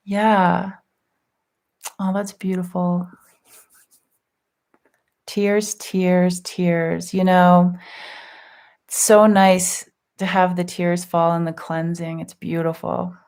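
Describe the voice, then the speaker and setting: A woman hosting a live spiritual group session, chatting gently and affectionately as she reads out viewers' comments with soft laughs. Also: on the low side, little pitch movement, slow pace, pauses often. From California. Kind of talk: casual live-stream chat.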